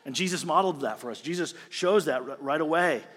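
A male pastor preaching a sermon, animated, swinging between loud emphasis and quiet, earnest passages. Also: fairly high pitch, fast, big-room sound.

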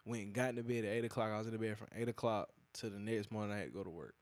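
A young adult man, hosting a podcast and telling a casual, profane story, acting out other people's lines with big jumps in his voice. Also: very fast. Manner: animated, profane, acts out quoted lines with big pitch jumps. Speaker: podcast host.

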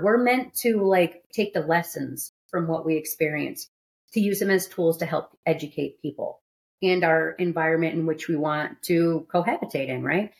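A woman's voice: lowish voice, gravelly. A woman hosting a studio podcast, talking candidly and emphatically in casual chat. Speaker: podcast host.

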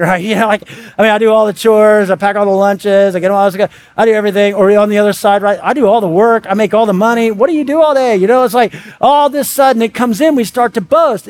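A man delivering a sermon. His voice sits high for a man. He talks to the congregation casually and animatedly, often slipping into short acted-out quotes. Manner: animated, conversational preaching with quick asides and acted-out quotes. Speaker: pastor.

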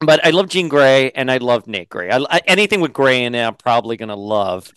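A male host chatting casually in an interview, lively and quick to mock characters in put-on voices. His voice is smooth and resonant, recorded close and dry. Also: mid-range voice, no echo. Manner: animated, swears, does mocking voices. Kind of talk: casual video-call interview.

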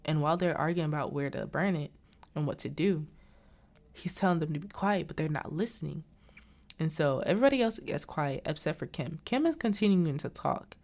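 Low-pitched, gravelly woman recapping a movie. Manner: animated, acts out the characters' lines in quick voices; chatty asides and digressions.

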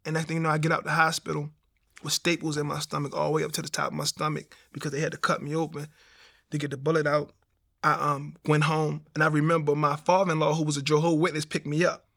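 Young man, streetwise testimony, animated, raspy fry, fairly high. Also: fast talker. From Baltimore. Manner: streetwise, animated storytelling with slang. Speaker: testimony speaker. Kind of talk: personal testimony storytelling.

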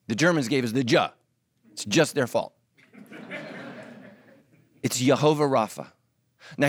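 Animated preaching man, lively pitch. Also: dry recording. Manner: animated, joking asides to the congregation. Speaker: pastor. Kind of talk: sermon.

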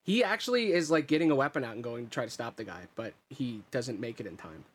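A man running a tabletop game as game master, describing scenes in a relaxed, rambling way. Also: mid-range voice, quick pace, a little hiss or hum.

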